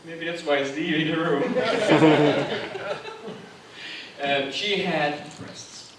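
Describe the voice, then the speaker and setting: A man's voice: a little high, extremely slow, a little hiss or hum. A man from Germany, a guest on a convention panel, telling an anecdote in a hesitant, wry way. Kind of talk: anecdotal storytelling. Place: large convention hall. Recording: echoey hall recorded from far off.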